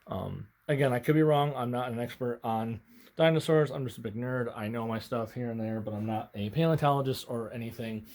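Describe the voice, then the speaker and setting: A man's voice: mid-range voice, fairly quick, darkish tone. A young man casually reviewing a toy on camera, out of breath and rambling, stammering and apologizing as he goes. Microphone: camera mic, handling toys on camera.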